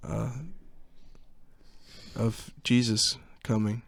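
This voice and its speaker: Young male podcast co-host, lowish voice, dry close mic, laughing storyteller who acts out quotes. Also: level tone, very slow, gravelly, dry recording. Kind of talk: casual storytelling chat.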